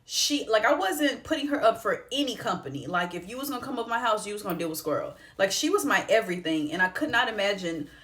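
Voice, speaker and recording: A woman's voice: medium pitch, animated, quick pace, hardly any pauses, a bit bright. A young woman vlogger telling a heartfelt personal story in a casual, conversational way, close to tears at times. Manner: tearful, heartfelt, conversational with slang. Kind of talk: emotional personal storytelling vlog.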